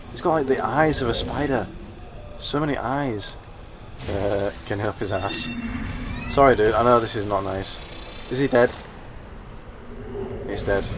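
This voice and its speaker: A man giving let's-play commentary over his gameplay, excitable and exclaiming, at times mumbling. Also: on the low side, background noise. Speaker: gaming channel host.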